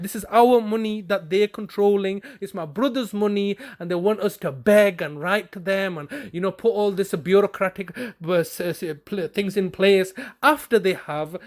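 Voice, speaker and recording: A man delivering an indignant, sarcastic ranting monologue to his viewers. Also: sits high. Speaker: video blogger.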